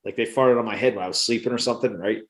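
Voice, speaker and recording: A man's voice: fairly low pitch, racing. A middle-aged man co-hosting a podcast, telling rambling, profane stories in casual chat. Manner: rambling, swearing, laughing storyteller. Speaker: podcast co-host.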